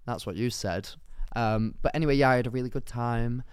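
A man's voice: mid-range voice, a little fast, clean tone, no room sound, studio quality. A young man co-hosting a podcast, a bit ill with a cold, chatty and self-mocking, laughing often. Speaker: podcast co-host. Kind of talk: casual chat.

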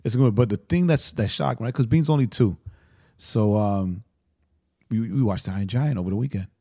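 A man co-hosting a podcast in casual chat, an excitable storyteller who fills his talk with "like" and "right?". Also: fairly low pitch, fairly quick. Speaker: podcast co-host.

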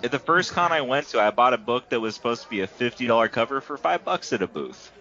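A man's voice: mid-range voice, big pitch swings, fast, pushed and bright. A man from California in casual chat, wry and freely swearing. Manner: profane, wry. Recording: muffled lo-fi recording.

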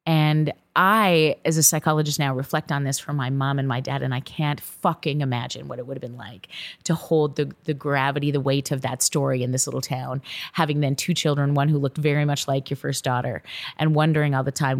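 A woman psychologist telling a personal family story in a candid, swearing, animated way. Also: a bass voice, a little fast, dry recording. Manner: candid, swearing freely, animated when recounting dialogue. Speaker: podcast host, psychologist.

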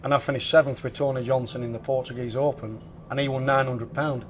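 A man telling caddie stories in a loose, chatty way. He slips into the voices of the people he quotes. A faint low hum sits under the recording. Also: fast. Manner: animated, acts out quoted dialogue. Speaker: former golf caddie. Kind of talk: casual anecdotal storytelling.

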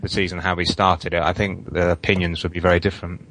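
A man, a guest on a football podcast over an online call, speaking in a measured, hedging way full of fillers. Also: sits low, flat delivery, a bit bright, dry recording, poor audio. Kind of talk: casual football chat.

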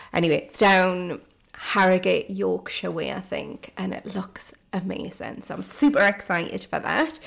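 Gravelly, chatty Geordie woman. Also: on the low side. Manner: chatty, excitable and enthusiastic, with fillers and self-corrections. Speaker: podcast host and mindset coach. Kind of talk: casual podcast monologue.

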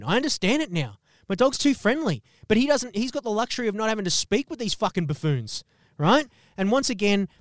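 On a comedy podcast, a high-pitched male co-host launches into an exaggerated, foul-mouthed rant, laughing as he pushes each complaint for comic effect. The recording is dry, with his voice close to the microphone.

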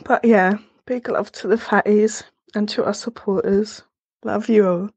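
A woman's voice: medium pitch, fairly even intonation, darkish tone, slightly rough, no room sound. A woman sending a heartfelt, emotional voice message to a podcast. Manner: earnest, emotional, slow and heartfelt.

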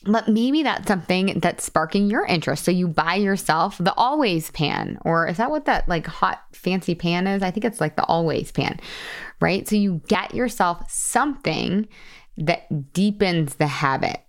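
A woman's voice: on the low side, expressive, moderate pace. Bubbly, chatty woman coaching on a podcast. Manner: bubbly, chatty, laughs often and acts out quoted voices. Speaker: podcast host and weight-loss coach. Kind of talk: solo podcast monologue.

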